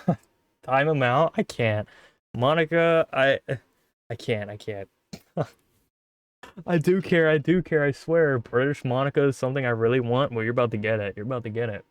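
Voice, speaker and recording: A man streaming a game, reacting in excitable, casual talk with swearing and stammers. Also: mid-range voice, normal speed, long pauses, smooth, no room sound. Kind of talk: casual gaming commentary.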